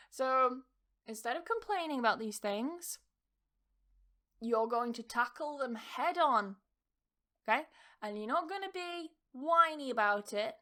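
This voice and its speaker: Woman, high voice, English teacher and podcast host; casual, blunt, emphatic, swears now and then. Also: expressive, measured pace, pauses often, fairly bright tone. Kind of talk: casual motivational talk.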